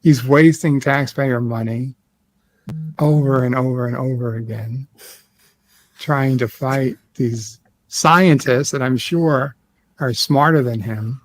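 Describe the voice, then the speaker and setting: A man in a casual live-stream chat, deadpan and joking with a mock-sinister edge. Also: mid-range voice, a little hiss or hum.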